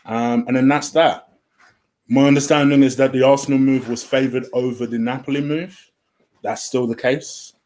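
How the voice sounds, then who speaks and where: A man's voice: medium pitch, steady tone, normal speed, darkish tone. Guy doing a rumour show from home, rambly and chatty, keeps saying um. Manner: chatty, easily sidetracked, says "um" and "from my understanding" a lot. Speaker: transfer rumour show host. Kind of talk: casual solo commentary. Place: home room.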